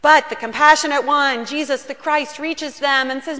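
A woman pastor preaching a sermon in a church, telling the story earnestly and slowing down on key words. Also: high-pitched, fairly even intonation, sharp tone. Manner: earnest storytelling, slows down for emphasis. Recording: long reverb of a large room.

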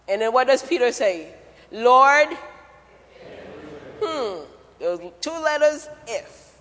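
High-voiced preacher in a reverberant church. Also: male voice, big pitch swings, slow pace, long pauses, a bit bright. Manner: conversational, jokey, asks the congregation questions. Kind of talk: sermon.

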